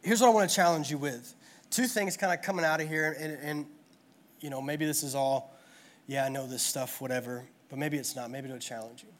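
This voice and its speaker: A man preaching a sermon at a church gathering in an earnest, repetitive style full of rhetorical questions. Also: a little high. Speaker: pastor.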